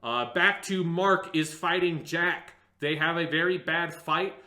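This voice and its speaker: Bright-voiced man rambling in an echoey room. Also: on the high side, unhurried. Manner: rambling, hesitant, lots of fillers, mocking impressions. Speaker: podcast co-host. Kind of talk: casual review discussion.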